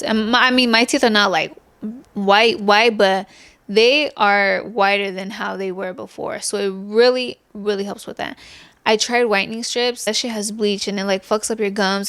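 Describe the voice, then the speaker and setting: A woman's voice: medium pitch, fairly bright tone, smooth. A young woman hosting a podcast, talking candidly and casually, and swearing freely. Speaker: podcast host. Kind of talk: casual chat.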